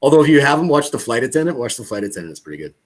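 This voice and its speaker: A man's voice: medium pitch, racing. A man coaching real estate agents on a video call, casual and joking. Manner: casual, joking, animated when acting out calls.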